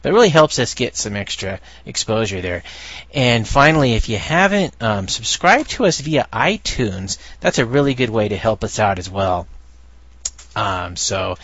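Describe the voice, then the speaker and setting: Rambling podcast host, low and dry. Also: male voice, animated, moderate pace, a bit bright, breathy edge, no echo, highs cut off. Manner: rambling, full of fillers and restarts. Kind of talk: casual podcast chat.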